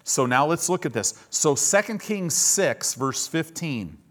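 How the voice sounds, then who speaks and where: Animated, slow-paced male preacher. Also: on the high side. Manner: animated preaching with humorous asides; reads scripture aloud and explains it. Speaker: pastor. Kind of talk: sermon.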